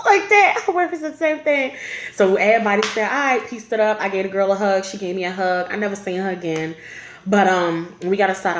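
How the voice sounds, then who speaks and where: A woman's voice: mid-range voice, a little fast. A woman, telling a personal story in a casual vlog and acting out the other voices in it. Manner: animated, laughing, acts out quoted voices. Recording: echoey room.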